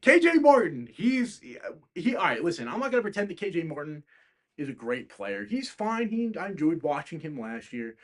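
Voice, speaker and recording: A young man hosting a casual livestream about basketball trades, rambling, swearing often and getting heated and loud. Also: on the high side, big pitch swings, normal speed. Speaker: stream host.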